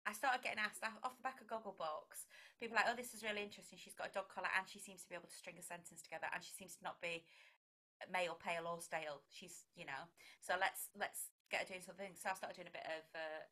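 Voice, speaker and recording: A woman's voice: on the low side, steady tone, fast, sharp tone. A middle-aged woman, a vicar and broadcaster, chatting in an interview and acting out quoted exchanges. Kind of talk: conversational interview.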